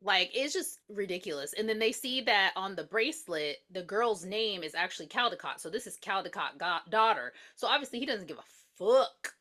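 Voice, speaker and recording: A woman's voice: medium pitch, fairly quick, hardly any pauses. A woman co-hosting a podcast, recapping a movie in casual, profane chat and acting out the characters' lines as she goes. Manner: animated, profane retelling that acts out the characters' lines. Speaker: podcast co-host.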